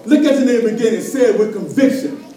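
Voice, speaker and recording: A man preaching a sermon to a congregation, calling for responses and building to loud emphatic peaks. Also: very high voice, expressive, fast talker. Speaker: pastor. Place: church sanctuary. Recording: echoey church from far off.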